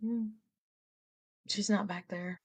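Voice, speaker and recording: A woman's voice: mid-range voice, fairly even intonation, takes it slowly, dry recording. A woman hosting a casual livestream chat, giggly and fond as she greets her guests. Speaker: livestream host.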